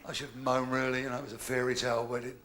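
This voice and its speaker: A man's voice: mid-range voice, little pitch movement, fast talker, fairly bright tone. A man doing bawdy stand-up comedy on a theatre stage, playing both sides of every exchange. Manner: brash, bawdy joke-telling, acting out both sides of each exchange. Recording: noisy live theatre recording.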